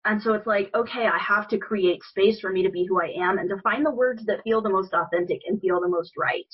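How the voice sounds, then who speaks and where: A guest from rural Missouri speaking candidly and thoughtfully in a podcast interview over a video call. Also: female voice, mid-range voice, brisk, husky. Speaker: guest, educator and advocate. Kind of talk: casual interview chat. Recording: dull lo-fi sound.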